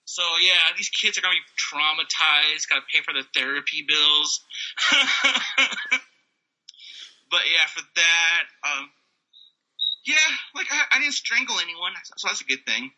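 A man in his thirties telling rambling, jokey stories in a casual monologue, full of fillers and quick goofy character voices. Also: a little high, animated, sharp tone, rough recording.

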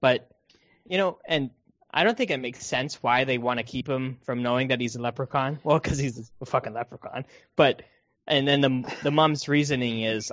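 A man's voice: mid-range voice, no echo, lo-fi sound. A man chatting casually as co-host of a movie review podcast, joking and slipping into quoted voices.

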